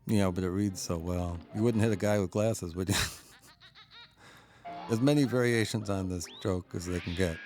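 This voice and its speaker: Deep-voiced male commentator, enthusiastic and anecdotal, laughing between remarks. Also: normal speed, long pauses, over loud music. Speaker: film commentator. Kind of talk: audio commentary on a cartoon.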